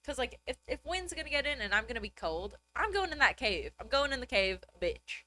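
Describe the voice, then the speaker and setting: A woman with a bright, sharp voice chats casually. Her pitch swings widely, and she rambles with constant filler words. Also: sing-song, fairly quick. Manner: chatty, filler-heavy rambling with lots of "like". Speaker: co-host. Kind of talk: casual chat.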